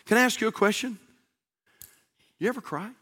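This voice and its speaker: A middle-aged male pastor preaching a sermon, swinging from shouts to near whispers. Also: high voice, moderate pace, slightly rough. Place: church sanctuary.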